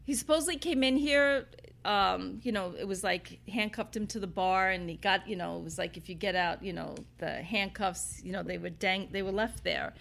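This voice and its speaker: Her voice is mid-range and fairly bright, carrying vocal fry at a moderate pace. A New Yorker who owns a bar, she's a casual interview guest inside an old bar, spinning rambling stories stuffed with "you know" and "like" and breaking into laughter as she goes.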